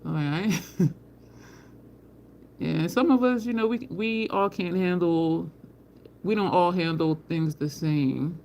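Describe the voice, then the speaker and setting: A woman's voice: fairly low pitch, slow pace, pauses often, darkish tone. Woman chatting live with faint traffic behind. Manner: rambling storyteller, addresses chat as y'all, frequent laughs. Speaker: livestream host. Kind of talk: casual live chat, answering viewer comments. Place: home, by an open balcony window. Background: faint street traffic.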